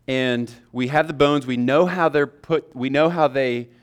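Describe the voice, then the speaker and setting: A man's voice: medium pitch, a little slow, clear, resonant tone. A man teaching a class on sermon preparation in a loose, conversational way, with fillers and restarts. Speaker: preaching instructor.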